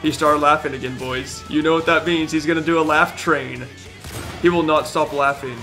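A young man streaming a shooter game, excitedly narrating, shouting and laughing as he repeats himself. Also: fairly high pitch, normal speed, over music. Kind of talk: excited gaming stream commentary.

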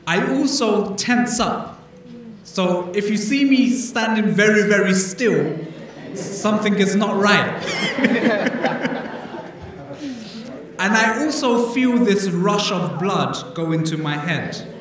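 High-voiced British pastor preaching conversationally. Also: male voice, animated, takes it slowly, long pauses, a bit bright. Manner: conversational, asks the congregation questions, frequent restarts. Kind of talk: interactive sermon. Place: church hall.

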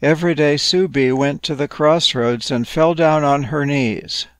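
A man gently narrating a playful, whimsical bedtime story. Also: a little high, unhurried, no room sound.

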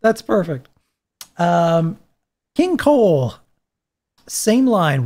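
A woman hosting a casual podcast game, reading lines out slowly and laughing often. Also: fairly low pitch, animated, darkish tone. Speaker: podcast host.

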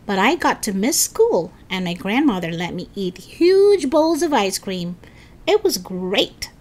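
A woman's voice: medium pitch, big pitch swings, measured pace. A woman reading a storybook aloud and voicing a teasing, complaining third-grade boy in a raised voice. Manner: complaining, wisecracking.

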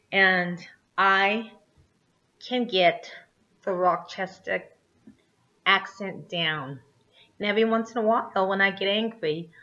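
Bright-voiced lady teaching an online theater class, lively and chatty, keeps saying "right?", kinda dull lo-fi audio. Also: mid-range voice. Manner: animated, checks in with frequent "right?" tags.

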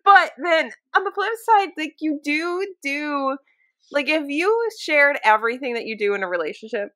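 A woman's voice: high voice, expressive, normal speed, bright, forceful tone, no echo. A woman co-hosting a book podcast in casual chat, candid and swearing freely, often laughing. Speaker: podcast co-host.

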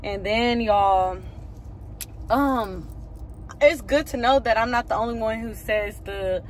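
A woman's voice: on the high side, slow, slight background noise. A woman, chatting casually to her phone camera in a rambling vlog. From Houston, Texas. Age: 20s. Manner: chatty, rambling, talks to viewers as y'all. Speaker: nursing student vlogger. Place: in a car and walking around campus.

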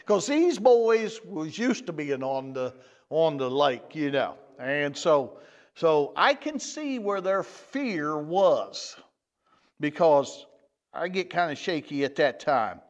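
A man's voice: a little high, sing-song, takes it slowly. Folksy man teaching a Bible lesson. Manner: folksy, repeats words, restarts phrases. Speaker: church teacher. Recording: dull lo-fi church recording.

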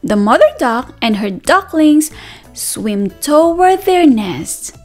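A woman teacher reading a picture book aloud to toddlers, animated and sing-song, gasping and asking the children questions. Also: high-pitched, slow, soft background music.

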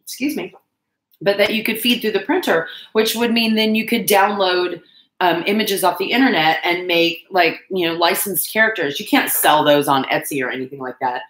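A woman's voice: on the low side, moderate pace, a bit bright, echoey room, slight background noise, rough recording. Chatty woman crafting live. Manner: chatty, rambling, self-deprecating, talks to viewers and pets. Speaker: crafting livestream host. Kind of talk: casual chat while crafting.

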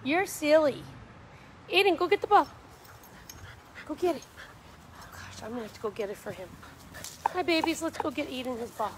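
A woman's voice: high voice, expressive, moderate pace, long pauses, a little hiss or hum. A woman on a live stream in a backyard, talking to dogs in coaxing baby talk, calling and cheering them on. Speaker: dog rescue volunteer. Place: backyard outdoors.

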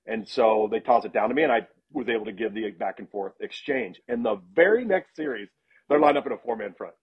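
Guest analyst, middle-aged man, husky and expressive, laughing storyteller, muffled podcast audio. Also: fairly low pitch, fairly quick. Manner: animated anecdotes with laughs and restarts. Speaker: guest, football analyst and sideline reporter. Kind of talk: casual storytelling in a podcast interview. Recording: dull lo-fi sound.

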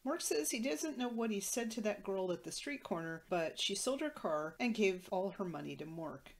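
A woman podcast host recapping a TV episode in a matter-of-fact way with wry asides. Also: medium pitch.

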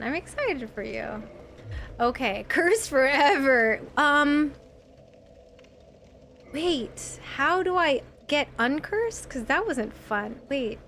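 A woman with a high, light voice streams a video game live and chats to her viewers between moves. She shrieks and squeals whenever enemies jump out at her. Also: a bit bright, a little hiss or hum. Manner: talks to viewers in chat. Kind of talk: live gameplay commentary.

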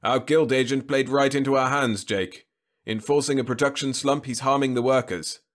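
A man doing a booming factory boss on the intercom. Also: fairly even intonation, normal speed, lightly acted. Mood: delighted. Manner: loud, proclaiming, rhetorical. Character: booming, triumphant male factory executive.

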